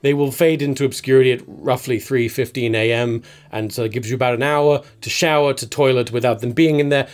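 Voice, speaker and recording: A man's voice: mid-range voice, steady tone, brisk, natural voice. A man improvising a nervous, pushy male estate agent rattling through a house tour. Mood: flustered. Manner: flustered, over-eager salesman patter. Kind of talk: improvised comedy presentation.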